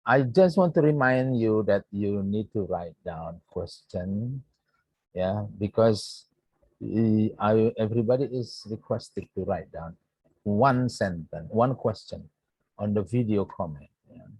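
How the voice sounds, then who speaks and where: In this recorded online grammar lesson, a man with an Indonesian accent, a native Indonesian speaker, teaches English to his students, explaining slowly and deliberately, repeating himself, and often saying "yeah." His voice is on the low side, expressive and a little mellow with a breathy edge, and the recording is dry and rough.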